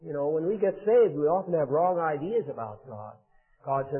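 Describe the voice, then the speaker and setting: A man's voice: a little high, very animated, moderate pace. A man preaching a sermon, earnest and exhorting, with frequent fillers and repeated phrases. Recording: phone-like radio broadcast.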